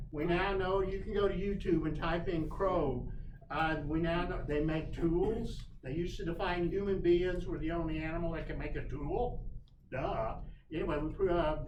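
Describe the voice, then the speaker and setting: A man giving a casual class on backyard birds in a shop classroom, folksy and animated, putting on playful voices for the birds. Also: a little high, normal speed. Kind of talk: casual lecture. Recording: roomy, distant mic, noisy.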